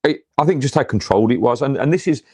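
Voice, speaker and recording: A man talks quickly and keenly in a relaxed chat about his team. His pitch sits in an ordinary middle range, and his stories build in energy as he goes. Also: breathy edge. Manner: animated storytelling, rises in excitement. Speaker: fan channel co-host. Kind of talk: casual match-reaction chat.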